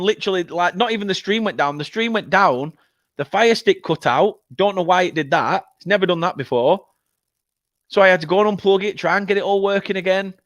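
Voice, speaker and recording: A man from England hosting a live football watchalong, reading out viewer comments in an excitable, emotional, chatty way. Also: high voice, no echo, clean studio sound. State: upset, has been crying. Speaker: football fan channel host.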